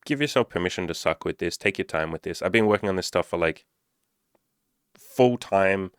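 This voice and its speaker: A man speaks straight to camera in a loose, profane, animated way. His voice sits on the low side and the sound is dry and close, with no room around it. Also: moderate pace, clean tone, no echo. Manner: profane, animated, acts out panicky inner voices. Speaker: self-improvement coach. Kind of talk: casual monologue to camera.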